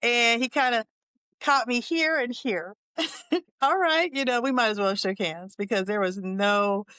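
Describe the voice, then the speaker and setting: Sixties woman host, chatty and wry, smooth clear tone, dry close-mic. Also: a little high, unhurried, bright, forceful tone, no echo. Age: 60s. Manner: humorous and candid, laughs often, chatty asides. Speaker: podcast host. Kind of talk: candid storytelling.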